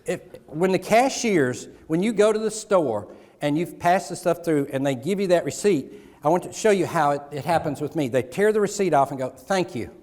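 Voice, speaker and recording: On stage in a big conference hall, a middle-aged man gives a motivational keynote at normal speed in a fairly high-pitched voice. He's animated, weaving in stories and acting out exchanges with the audience, and the live room adds long reverb.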